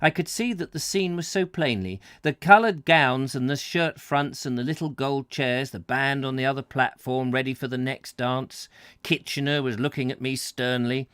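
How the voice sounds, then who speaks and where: A man reading a travel book aloud on a live stream, telling it slowly and expressively. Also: mid-range voice, clear, resonant tone, no echo, clean studio sound. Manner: slow, expressive storytelling. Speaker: reader, host.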